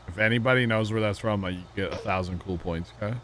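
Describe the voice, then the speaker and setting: Low-voiced rambling male streamer. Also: fast talker, few pauses, a bit bright, slight background noise. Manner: rambling, chatty, talks to chat, laughs often. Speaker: livestream host. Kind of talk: casual chat while gaming.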